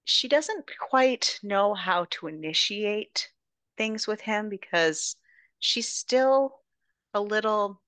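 A woman's voice: mid-range voice, animated, slow, a bit bright, no room sound. A woman hosting a podcast, casually and animatedly recapping a romance novel, swearing freely. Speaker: podcast host.

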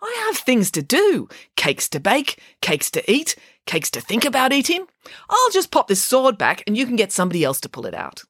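A woman voicing a blunt, indignant female pig squire who loves cake, in a high exclaiming voice. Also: huge pitch swings, normal speed, a bit bright, breathy edge, no echo, clean studio sound, heavily acted. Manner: high, exclaiming, matter-of-fact.

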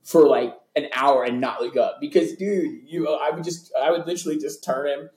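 Guy hyped up telling old tour stories, rambly, lots of likes, roomy echo. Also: fairly high pitch. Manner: animated, fast, lots of fillers and restarts, acts out voices. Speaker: interview guest, former tour hypeman. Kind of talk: casual storytelling.

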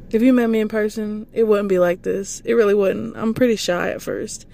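A woman talks on her own podcast in a loose, rambling way, turning goofy and playful as she hypes up her listeners. Her voice has a mellow, relaxed tone. She showers the audience with encouragement. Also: mid-range voice, normal speed, vocal fry. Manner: affectionate, encouraging. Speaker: podcast host. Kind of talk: casual motivational monologue.

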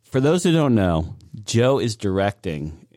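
Male host, lively and teasing, dry close sound. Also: on the low side, measured pace, no echo. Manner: upbeat, teasing. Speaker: podcast host running a game. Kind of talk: casual chat.

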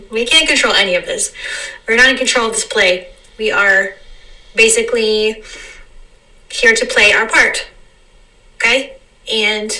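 Bright-voiced woman musing off the cuff. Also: fairly high pitch, recorded from a distance, poor audio. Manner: meandering, repeats phrases, slows down to stress words. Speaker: vlogger. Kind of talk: unscripted reflective monologue.

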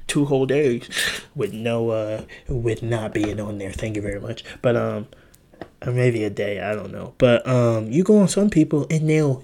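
A man hosting a casual solo podcast, rambling and playful, jumping from jokes to musings and acting out the voices he quotes. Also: dark tone. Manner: acts out quoted voices with big pitch jumps. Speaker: podcast host.

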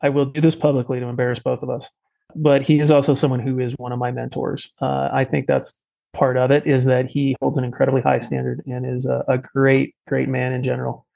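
A man's voice: medium pitch, level tone, a little fast, gravelly, dark tone, poor audio. A man telling a story in a casual, rambling way, with many fillers and restarts. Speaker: podcast guest.

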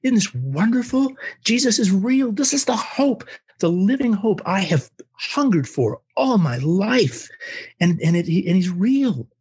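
Man doing a pushy young man, high excited voice, breathless, insistent. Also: normal speed, husky. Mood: overjoyed. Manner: breathless, insistent, repeats himself.

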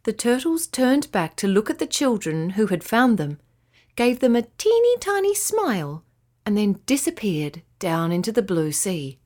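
A woman's voice: mid-range voice, normal speed. Woman reading a children's story. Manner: gentle, expressive reading. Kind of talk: bedtime story narration.

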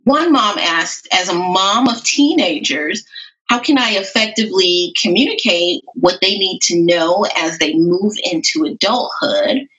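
Give me a bright-sounding woman host on a dull, lo-fi recording. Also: on the low side, a little slow. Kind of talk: casual interview chat.

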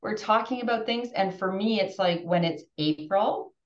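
A woman in her fifties, a podcast guest, talking in a casual, animated, emotional way with frequent restarts. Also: medium pitch, moderate pace, a little hiss or hum. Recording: distant roomy muffled remote audio.

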